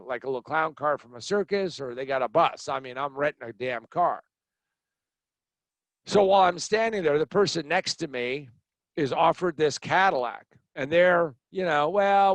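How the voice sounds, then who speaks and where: Middle-aged man, blunt storyteller, animated, dry close mic. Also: mid-range voice, no echo. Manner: animated, blunt, acts out other people's lines. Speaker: podcast host telling a personal story. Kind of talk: storytelling monologue.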